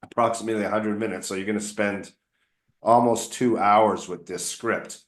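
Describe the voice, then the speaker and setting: A man's voice: fairly low pitch, steady tone, moderate pace, reverberant. A man coaching a student on pronunciation one-on-one, patient and encouraging, sounding a bit sick. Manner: encouraging, corrects pronunciation word by word. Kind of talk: one-on-one online coaching session.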